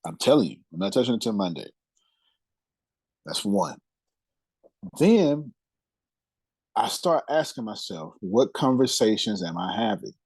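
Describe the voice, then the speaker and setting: A man hosting a lively group talk, emphatic and animated, repeating his points and laughing often. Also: on the low side, unhurried, long pauses, slightly rough, dry recording, rough recording. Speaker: host and coach.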